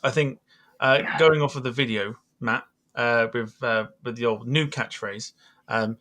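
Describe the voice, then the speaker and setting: A man's voice: mid-range voice, fairly even intonation, measured pace, bright, forceful tone. A man hosting a podcast, chatting casually with lots of fillers and easy laughter. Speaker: podcast host. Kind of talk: casual chat.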